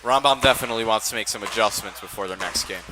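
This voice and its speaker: A young man giving color commentary at a school basketball game, eager and quick to shout at big plays. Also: on the low side. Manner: eager, bursts into excited shouts. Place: school gym. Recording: loud gym noise behind.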